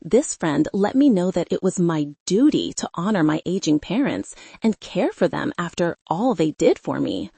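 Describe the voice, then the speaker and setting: Brief: woman audiobook narrator, measured and restrained, dark husky tone, dry close studio sound. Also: fairly low pitch, sing-song, no echo. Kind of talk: scripted first-person narration.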